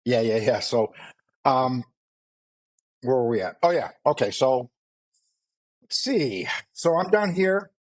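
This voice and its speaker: A middle-aged man from Maine chats as a podcast co-host, with a faint Maine accent coming through. His pitch sits in an ordinary middle range for a man. He talks in an easygoing, meandering way, full of fillers and side remarks. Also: slow pace, long pauses. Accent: mild Maine. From Maine, USA. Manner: rambling, relaxed, with fillers and asides. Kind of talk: casual chat.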